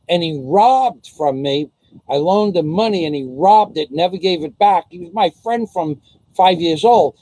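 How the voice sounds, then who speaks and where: A man's voice: high voice, a little mellow, no room sound, low-quality recording. A man telling a rambling personal story in casual vlog style, swearing, restarting sentences and acting out the dialogue. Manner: rambling, profane, stumbling restarts, acts out dialogue. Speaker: vlogger.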